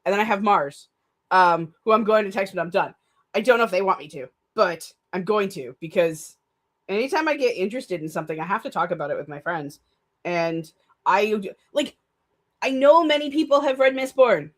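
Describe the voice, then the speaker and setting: A young woman chatting casually on her live stream, excitable and rambling, with frequent restarts and laughter. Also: medium pitch, normal speed. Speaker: streamer hosting a write-with-me stream.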